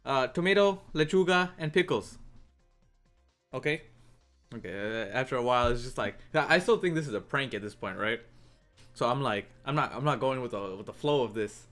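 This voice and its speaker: A man's voice: medium pitch, animated, fairly quick, a bit bright, soft background music. A young man casually telling a story as a gaming YouTuber, rambling with many fillers and restarts.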